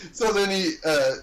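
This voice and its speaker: A man co-hosting a casual movie podcast, calmly agreeing and acting out characters' lines. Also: high voice, low-quality recording. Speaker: podcast co-host. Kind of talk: casual chat.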